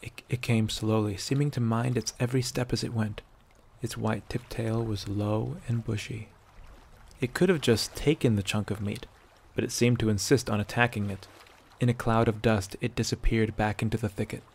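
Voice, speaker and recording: A man narrating a fantasy fan-fiction story aloud in a steady, measured way. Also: fairly low pitch, gravelly, a little hiss or hum. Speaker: audiobook narrator.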